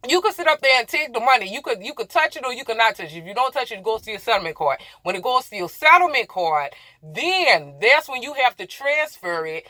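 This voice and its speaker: A woman's voice: mid-range voice, bright, forceful tone, no room sound. A young woman truck driver chatting casually to her viewers from inside her truck cab, rambling, laughing at herself and apologizing for going off track. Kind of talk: casual chatty explainer vlog.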